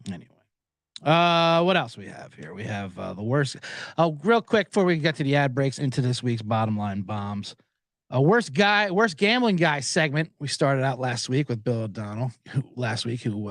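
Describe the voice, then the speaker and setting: Lively, profane American podcast man. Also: medium pitch, dry recording. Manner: self-deprecating, profane, digressive. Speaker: podcast host. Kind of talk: rambling solo podcast monologue. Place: small booth.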